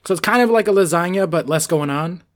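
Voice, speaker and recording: Man, fairly high voice, animated podcast chat, laughs a lot, swears. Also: fast. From New York.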